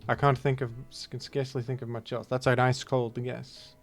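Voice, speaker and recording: A man talks through a guessing game in loose, rambling commentary. He jokes and breaks into mock-outraged asides, at an everyday middle pitch. Faint music plays behind him. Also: little pitch movement, moderate pace. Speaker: gaming video host. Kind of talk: casual gameplay commentary.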